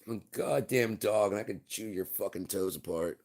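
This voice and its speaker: A man's voice: lowish voice, moderate pace, darkish tone, pitched above the performer's own voice, close to an everyday voice. A man voicing a cranky, foul-mouthed small male pet dog who gripes and swears. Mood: defiant. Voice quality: profane, griping.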